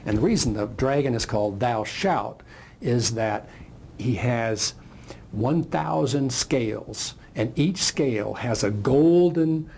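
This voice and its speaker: A man's voice: medium pitch, lively intonation, takes it slowly, vocal fry, a little mellow, a little hiss or hum. An older man giving a reflective motivational talk, telling a parable as a story. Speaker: speaker.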